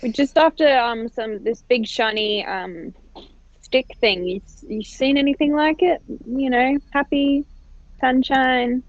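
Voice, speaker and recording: A woman's voice: high-pitched, a little slow, lo-fi sound. A woman playing a tabletop game, teasing and blunt with the others. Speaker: player. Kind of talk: casual tabletop play.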